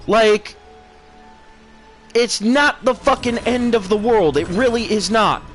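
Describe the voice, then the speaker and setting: A man's voice: sits high, slow, faint music behind. A man streaming a profane, sarcastic rant that mocks people with put-on voices. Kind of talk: ranting commentary.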